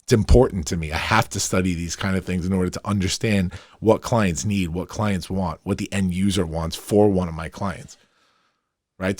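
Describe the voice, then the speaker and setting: A man's voice: sits low, steady tone, moderate pace, darkish tone, dry recording, clean studio sound. A brash, emphatic middle-aged man, hosting a podcast in an opinionated monologue. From New York, Long Island. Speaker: podcast host.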